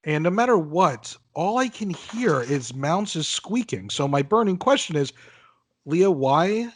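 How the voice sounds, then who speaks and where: A man's voice: a little high, big pitch swings, measured pace, no echo. A man hosting a casual podcast chat, joking and swearing as he leads the questions. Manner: joking, profane, leading the questions. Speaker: podcast host.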